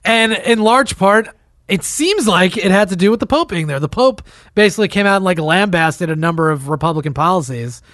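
A man's voice: high-pitched, expressive, brisk, a bit bright, no echo, studio quality. A man co-hosting a podcast, chatting casually and bluntly about politics, swearing and laughing often. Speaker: podcast co-host.

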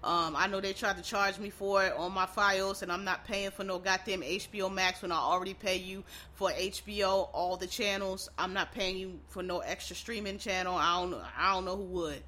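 A casual vlogger reviews a show in a loose, unscripted monologue. The voice sounds crisp and bright. The talk is blunt and opinionated, full of fillers, restarts and swearing. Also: mid-range voice, steady tone, normal speed, hardly any pauses. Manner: frank, opinionated asides to viewers.

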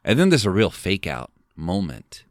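Low-voiced man recapping a film casually. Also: huge pitch swings, moderate pace, dry recording, studio quality. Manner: rambling, filler-heavy retelling with quoted lines. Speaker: podcast host.

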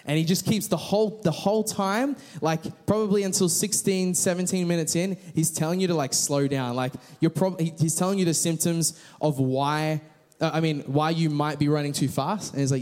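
A man's voice: on the high side, fairly even intonation, brisk, darkish tone. A man preaching a casual, conversational sermon with frequent restarts and fillers.

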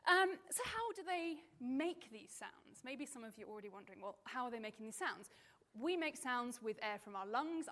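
Woman, marine biologist, fairly high voice, chatty, playful, lots of ums, live talk to families. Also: a bit bright. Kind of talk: lively presentation to a live audience with children. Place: stage in front of an audience.

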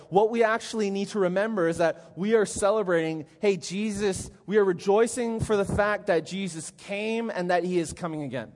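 A middle-aged male pastor gives a relaxed, conversational sermon, telling lively stories and checking in with "right?" after many of his points. His voice sits a little high for a man. A long reverb trails behind him in the church hall. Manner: animated storytelling, frequent "right?".

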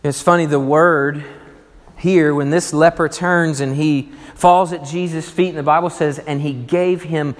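A male pastor preaching a sermon, emphatic and swinging between loud and hushed delivery. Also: on the high side, fairly even intonation, a little slow. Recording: long reverb of a large hall.

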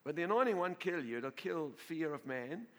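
A pastor preaches a sermon to his congregation in a bright, slightly high voice at normal speed, telling a story with animated energy. He laughs often and repeats and restarts words as he builds toward excited peaks.

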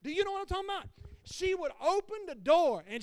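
A man's voice: very high voice, very animated, a little fast, dry recording. A male pastor preaching a sermon with passion, calling out questions to the congregation. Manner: impassioned preaching with call-and-response.

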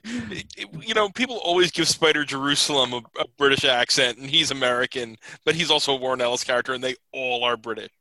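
A man co-hosting a casual podcast, cutting in with quick asides. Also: medium pitch, sharp tone, dry recording, rough recording.

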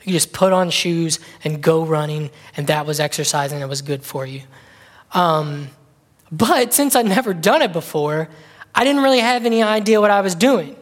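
A man preaching in a relaxed, conversational way, drifting between asides and anecdotes and slipping into little acted-out scenes. His voice rings with the long reverb of a big church hall. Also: on the high side, normal speed. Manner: rambling and chatty, acts out little scenes. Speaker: pastor. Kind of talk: conversational sermon.

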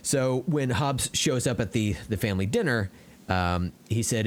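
A man co-hosting a podcast, recapping film scenes in a relaxed, casual way with lots of ums and uhs. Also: medium pitch, moderate pace. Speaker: podcast co-host. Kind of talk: casual movie recap chat.

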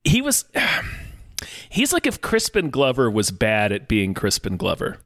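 A man's voice: lowish voice, huge pitch swings, unhurried, fairly bright tone, dry recording, clean studio sound. A man co-hosting a casual movie review chat, adding wry, joking asides. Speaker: podcast co-host.

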